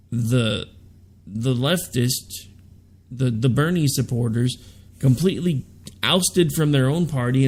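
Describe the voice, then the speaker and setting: A man's voice: medium pitch, vocal fry, a little mellow. A man hosting a political talk radio show, delivering a sarcastic, ranting monologue.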